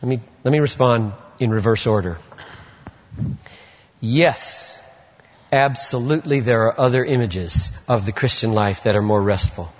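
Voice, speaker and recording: A man preaching a sermon as pastor, with emphatic stresses that drop into hushed asides. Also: lowish voice, a little slow. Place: church sanctuary. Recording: muffled lo-fi recording in an echoey hall.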